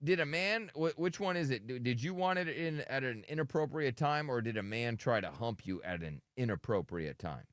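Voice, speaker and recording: A man's voice: mid-range voice, lively intonation, normal speed, few pauses, a bit bright, dry recording, studio quality. Crude joking male radio host. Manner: crude joking, teasing co-hosts. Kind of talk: live morning radio banter.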